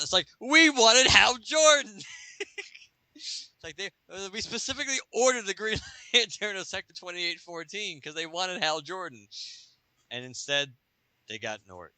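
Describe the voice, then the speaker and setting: A man's voice: a little high, normal speed, pushed and bright, clear, resonant tone, dry recording. A man co-hosting a podcast over a Skype call, chatting casually and laughing a lot as he acts out quoted lines in different voices. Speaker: podcast co-host. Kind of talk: casual comic book chat.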